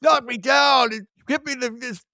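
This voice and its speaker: A whiny, battered man, as a podcast host puts him on, griping in a high, strained squeal. The voice jumps far above his usual register and wavers with self-pity. The sound is close and dry. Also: normal speed, vocal fry, pushed and bright, no room sound, heavily acted. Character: whiny frightened man, beaten and complaining.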